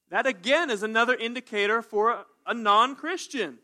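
A man preaching a sermon as pastor, animated and conversational, often asking "right?". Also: high voice, fairly quick, hardly any pauses. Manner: animated, call-and-response, says "right?" often.

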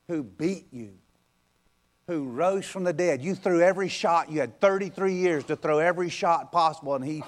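With a high voice, a male pastor preaches emphatically and repetitively, firing rhetorical questions and switching between loud passages and soft, hushed ones.

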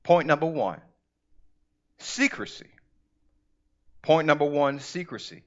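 A middle-aged man preaching in a fairly high voice, emphatic and drawn out when he stresses a point. He calls out to the congregation as he reads and explains scripture. The recording is dull and lo-fi. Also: animated. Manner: slows down to stress words when reading. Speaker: pastor. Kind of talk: sermon with scripture reading.

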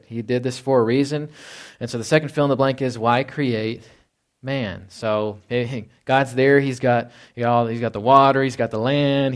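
A man, a pastor, preaching a conversational sermon, reading scripture aloud and asking rhetorical questions. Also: medium pitch.

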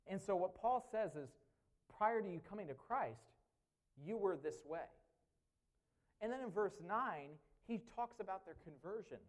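A man's voice: high voice, lively intonation, a little slow. A man who is a pastor, preaching a sermon in a conversational way, often checking in with "right?" and "okay?".

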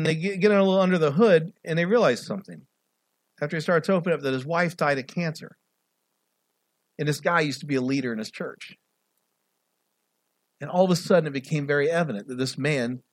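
A middle-aged male pastor preaching an animated sermon, swinging between loud, raised passages and quiet asides. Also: on the high side, dry recording.

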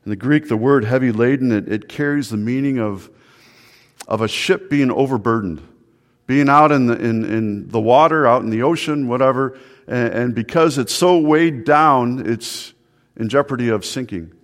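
A man's voice: medium pitch, normal speed. A male pastor preaching an earnest sermon, often repeating words and asking the listeners questions. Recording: long hall reverb.

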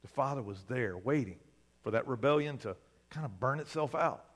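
A man's voice: mid-range voice, lively intonation, moderate pace, long reverb tail. A male pastor preaching a sermon in a conversational way, often asking the congregation "right?".

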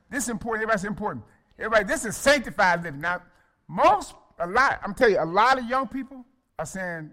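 A man's voice: high voice, lively intonation, fast, sharp tone. A male pastor preaching a sermon in a folksy, colloquial way, calling on the congregation to respond and addressing listeners by name.

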